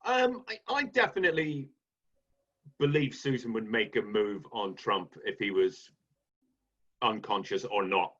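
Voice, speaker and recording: A man's voice: on the low side, expressive, unhurried, pauses often, a bit bright, breathy edge. A man on a comedy quiz panel, joking in a playful, mock-earnest way, on a dull lo-fi recording. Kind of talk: comedy panel podcast chat. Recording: dull lo-fi sound.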